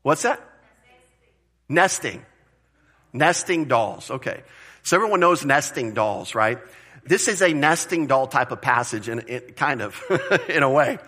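A man preaching a sermon to his congregation, emphatic and animated, repeating phrases and asking the room questions. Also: medium pitch, unhurried, long pauses, breathy edge. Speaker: pastor.

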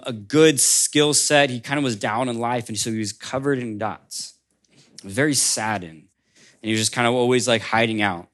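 A man preaching a sermon as a pastor, in a conversational storytelling way that drops soft for emphasis. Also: mid-range voice.

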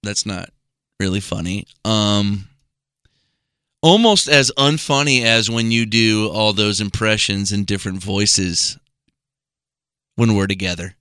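An American man co-hosting a podcast, teasing his friend in a mock-exasperated, animated way. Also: fairly low pitch, takes it slowly, long pauses, smooth, no room sound, studio quality. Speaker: podcast co-host. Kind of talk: casual podcast banter.

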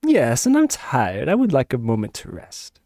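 Pompous wizard lord as a player puts him on, haughty, theatrical, swooping wildly in pitch, dry close sound. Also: male voice, wildly swooping pitch, moderate pace, warm tone, no echo. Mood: weary. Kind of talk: in-character tabletop role-play.

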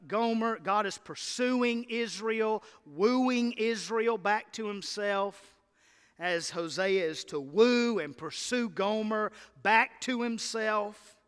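A man preaching a sermon to his church, impassioned and building to loud emphatic lists. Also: high-pitched, clear, resonant tone. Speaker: pastor. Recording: church hall reverb.

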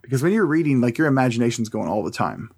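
A man co-hosting a casual podcast on a call, talking in halting repeats and swearing. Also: mid-range voice, sing-song, gravelly, darkish tone, husky. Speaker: podcast co-host. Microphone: computer mic on a video call.

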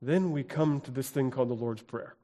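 An American man preaching a sermon as pastor, speaking emphatically and building to loud exclamations. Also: medium pitch, fairly quick. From United States. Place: church sanctuary. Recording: long reverb of a church hall.

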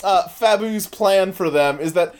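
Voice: mid-range voice, unhurried. A podcast co-host chatting casually and offering playful theories about a cartoon. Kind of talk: casual chat.

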